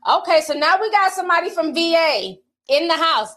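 A middle-aged woman from the Midwest hosting a casual livestream, reading super chats in a playful, slangy, animated way and laughing often. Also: very high-pitched, a little fast. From Minnesota.

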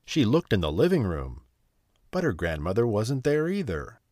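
A man reading a bedtime story aloud in a slow, soothing, expressive way. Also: on the low side, no echo, clean studio sound.

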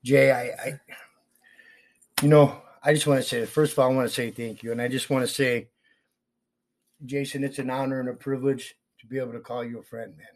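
A man's voice: medium pitch, flat delivery, brisk, pauses often. A man in recovery sharing a sincere, folksy story in casual conversation, grateful to his friend. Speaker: guest in recovery.

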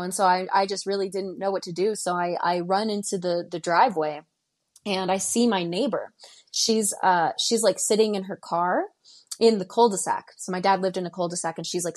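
Guest: woman in her twenties from Denver, recounting events in present tense and voicing each line of dialogue. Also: mid-range voice. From Denver, Colorado. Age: 20s. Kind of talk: recounting a personal story.

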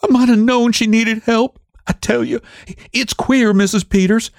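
Man doing a grieving farm wife in falsetto. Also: fairly even intonation, a little slow, gravelly, no echo, studio quality, full character voice. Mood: anguished. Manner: raised falsetto, cries out in grief. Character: grieving plainspoken farm wife, middle-aged.

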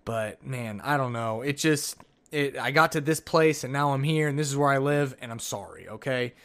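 A man's voice: mid-range voice, normal speed, fairly bright tone. A man hosting a solo podcast, chatting casually and rambling through old notes with jokey asides. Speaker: podcast host.

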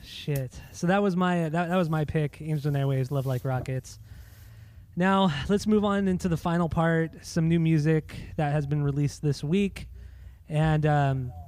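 A man's voice: on the high side, moderate pace, a little mellow. A man hosting a podcast in casual chat, loose and chatty, swearing freely and restarting his sentences. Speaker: podcast host.

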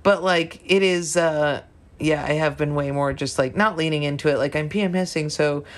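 A woman's voice: deep voice, moderate pace. Rambling young woman, candid casual chat. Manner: rambling, frequent restarts, casual swearing.

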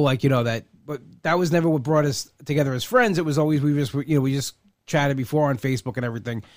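A man's voice: on the high side, no room sound, clean studio sound. A man hosting a casual conversation, telling rambling, self-deprecating stories.

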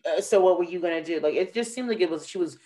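A woman hosting a podcast, chatting casually and telling a rambling, animated story with acted-out quotes. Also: lowish voice, fast. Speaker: podcast host. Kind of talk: casual chat.

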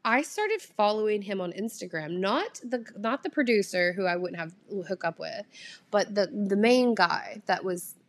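A young woman vlogger telling a casual storytime, chatty and animated, full of fillers and the odd swear. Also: mid-range voice, normal speed.

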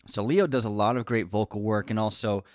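A man's voice: fairly low pitch, steady tone, fairly quick, no room sound, clean studio sound. A man casually discussing a film as a podcast co-host, talking conversationally with frequent restarts.

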